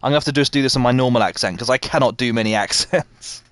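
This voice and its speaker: A medium-pitched, slightly bright man's voice comes fast, with no echo in the recording. He's a livestreamer playing a game, casually reading out and answering viewers while he plays.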